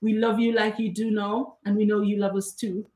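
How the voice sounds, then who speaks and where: A woman's voice: mid-range voice, little pitch movement, normal speed, darkish tone. A woman co-hosting a live cooking stream, signing off to viewers with chirpy patter. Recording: echoey room.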